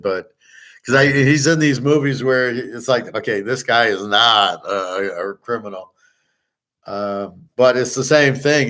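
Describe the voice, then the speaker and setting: A man's voice: fairly low pitch, a bit bright. An older man hosting his own show in a rambling casual monologue, blunt and profane, firing off rhetorical questions. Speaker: sports betting and gold commentary host.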